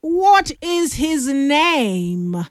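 Lady radio host, high voice that swoops all over, slow and teasing, dry studio mic. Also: no room sound. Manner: lively, teasing, drawn-out emphasis. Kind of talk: playful call-in radio chat.

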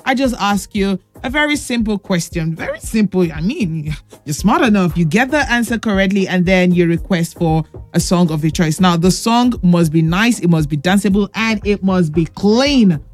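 A woman's voice: mid-range voice, lively intonation, normal speed, faint music behind. A woman hosting a children's radio call-in show, playful and teasing, laughing often and calling the callers pet names. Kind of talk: lively radio call-in chat.

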